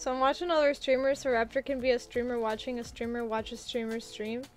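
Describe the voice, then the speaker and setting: A woman's voice: on the high side, flat delivery, fast talker, faint music behind. A young woman streaming a video game, chatting casually and rambling to her chat with frequent giggles.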